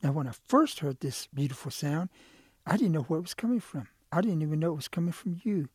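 A man voicing an eager, curious male quail in a told folk tale, pleading and excited in a raised voice. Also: on the high side, a little fast, slightly rough, no room sound, clean studio sound. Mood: wheedling.

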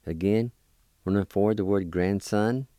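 A man teaching vocabulary, patiently spelling each word letter by letter and repeating it slowly. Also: fairly low pitch, warm tone, clean tone, dry recording, studio quality. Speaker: language teacher. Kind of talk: slow spelling and pronunciation lesson.

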